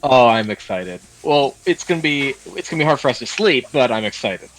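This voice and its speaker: A man playing a tabletop game chats and plans out loud. His pitch swings up and down a lot, so he sounds animated. He stays casual the whole time. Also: brisk, slight background noise, poor audio. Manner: animated and chatty, planning out loud. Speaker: player.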